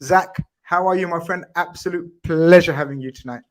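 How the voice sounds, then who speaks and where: A man's voice: fairly high pitch, a little fast. A man hosting a casual football chat show, chatty and teasing his guests. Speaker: podcast host.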